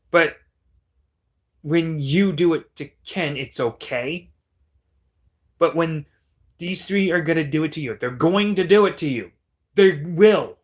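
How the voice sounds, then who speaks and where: A man's voice: fairly high pitch, muffled recording. A man delivering a heated, profane, combative callout rant on a livestream.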